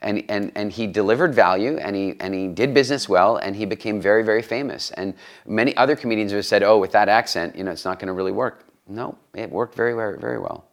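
A man's voice: fairly low pitch, quick pace, vocal fry. A middle-aged man, a guest telling stories in an interview and often repeating words while he searches for the next thought. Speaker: guest, studio owner. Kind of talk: conversational interview storytelling.

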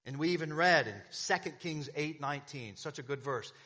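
A man's voice: fairly high pitch, expressive, normal speed, pushed and bright. Emphatic preacher man. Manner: emphatic preaching with repetition and rhetorical questions. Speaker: pastor. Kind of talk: sermon.

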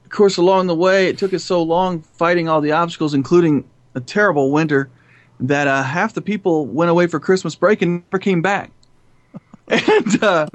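A man telling stories in an interview, animated and profane, often laughing. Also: high voice, dry recording. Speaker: filmmaker guest. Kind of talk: storytelling interview.

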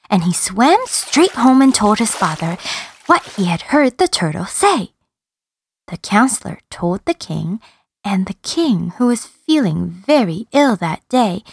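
A woman reading a children's story aloud in an expressive, sing-song storyteller manner. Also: mid-range voice, creaky, slightly rough, dry recording, studio quality.

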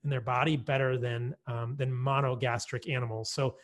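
A man's voice: medium pitch, level tone, moderate pace. A man who is a guest expert on a podcast, explaining at length in an enthusiastic, chatty way. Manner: enthusiastic, explanatory, with frequent fillers and laughs. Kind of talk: conversational podcast interview.

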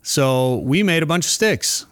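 A man's voice: fairly high pitch, expressive, measured pace, fairly bright tone, clean tone, dry recording, clean studio sound. A man hosting a casual talk show, rambling and thinking aloud about hunting rules, with many restarts. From United States.

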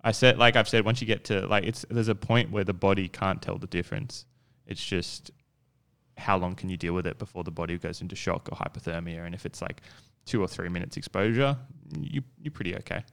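Guy, laid-back co-host, lowish smooth voice. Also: brisk, a bit bright. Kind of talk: casual explanatory chat.

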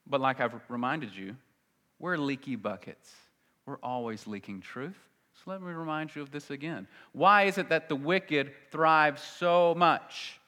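A man preaching a sermon in a conversational way, moving from loud emphasis to quiet asides. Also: a little high, unhurried, in a large hall. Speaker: pastor.

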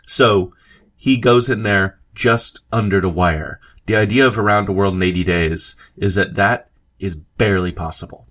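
Low-voiced man narrating history casually. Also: moderate pace, fairly bright tone. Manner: conversational, with asides and fillers. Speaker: podcast host. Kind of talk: scripted history narration with read quotes.

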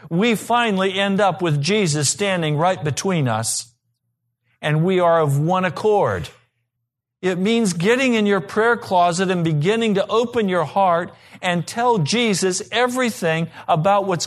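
A male pastor preaching a sermon, earnest, with slow, emphatic repetitions. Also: sits high.

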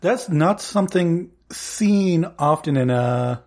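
A podcast co-host in easy conversation, with a husky, slightly breathy voice. The pitch moves lively, and the points often come with a laugh. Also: takes it slowly. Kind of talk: casual chat.

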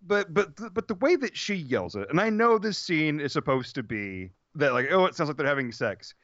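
A man's voice: on the high side, sing-song, normal speed, fairly bright tone, dry recording, lo-fi sound. A man co-hosting a podcast, ranting about a movie scene with incredulous, profane disbelief and stumbling restarts. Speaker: podcast co-host. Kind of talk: casual movie discussion.

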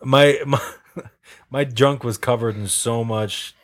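A man's voice: mid-range voice, steady tone, takes it slowly. A man hosting a podcast in casual chat, joking and rambling, often breaking into laughter. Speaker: podcast host.

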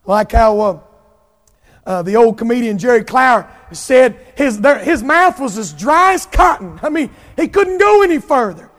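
A pastor preaching an impassioned sermon, drawing out emphatic lines and rising to shouts. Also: male voice, extremely high pitch, expressive, normal speed, big-room sound.

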